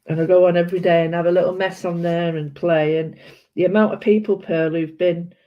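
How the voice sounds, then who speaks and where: A woman's voice: lowish voice, steady tone, brisk. A British woman chatting casually and rambling while she colours, often correcting herself. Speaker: art vlogger. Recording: dull lo-fi sound.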